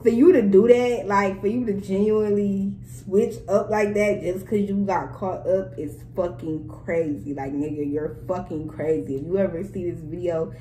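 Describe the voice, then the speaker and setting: A young woman dishing a storytime with profane emphasis. Her voice is mid-pitched and swings in big jumps between excitement and low asides. She sounds like she is in an echoey room with a faint hiss behind her. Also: normal speed, few pauses. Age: young adult. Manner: animated, profane, dramatic retelling with laughs. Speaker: vlogger. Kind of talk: storytime vlog, casual chat.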